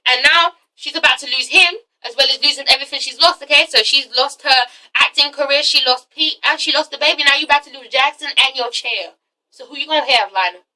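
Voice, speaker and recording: Bright, high-voiced woman recapping a show. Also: fairly quick, distant mic, poor audio. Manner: animated, profane, acts out characters' lines with laughter. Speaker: TV show reviewer. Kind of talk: casual recap vlog.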